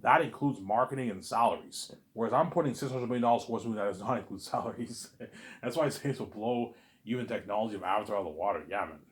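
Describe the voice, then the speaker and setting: A man rambling in a casual monologue, animated and repetitive, arguing with an imagined listener. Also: lowish voice, quick pace. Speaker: vlogger.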